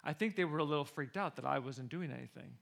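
A football coach, a man, telling a personal story in a lively way and acting out the quoted voices of others. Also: on the high side, fast, creaky. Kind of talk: storytelling talk.

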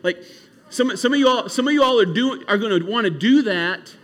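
A man preaching to a youth camp in an animated, casual storytelling way. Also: sits high, brisk. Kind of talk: youth sermon.

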